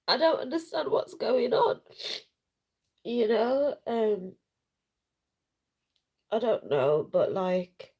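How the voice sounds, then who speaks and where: A tearful woman rambles frankly through a home vlog. Her voice is dark and gravelly, and her pitch swings widely as she cries between words. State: crying. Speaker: vlogger. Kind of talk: emotional casual live chat. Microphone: self-recorded at home without sound check.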